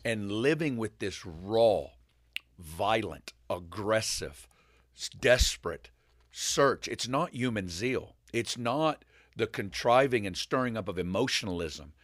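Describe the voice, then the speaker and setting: A man in casual faith conversation, retelling a story as an animated storyteller who rambles and restarts. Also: fairly low pitch, slow, no echo, studio quality.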